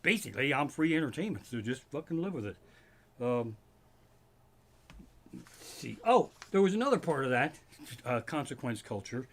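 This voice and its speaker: A man hosting a comedy livestream from his living room, ranting in a profane, animated stand-up style. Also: mid-range voice, normal speed, pauses often.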